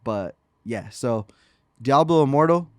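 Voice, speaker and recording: A man co-hosting a casual gaming podcast, telling stories in a relaxed way and acting out crowd reactions. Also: medium pitch, measured pace, dry recording, studio quality. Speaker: podcast co-host.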